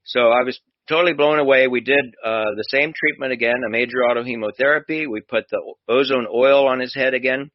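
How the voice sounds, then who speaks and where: A doctor who hosts a talk show spins a long, conversational anecdote, voicing the dialogue himself as the story unfolds. He speaks at a middling male pitch, a little fast and with few pauses. The recording is dry and somewhat dull.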